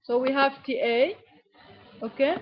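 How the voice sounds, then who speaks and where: A woman's voice: sits high, unhurried, lo-fi sound. A woman giving a classroom lecture as an engineering teacher, explaining step by step and often checking in with "okay?". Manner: switches to Arabic with students.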